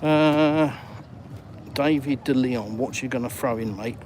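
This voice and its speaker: An older, retired vlogger from England, with an English accent and a slow, slightly mellow medium-pitched voice, chats on a live-streamed walk by the water in a town. He reads viewer comments aloud in a matey manner as outdoor traffic noise carries on.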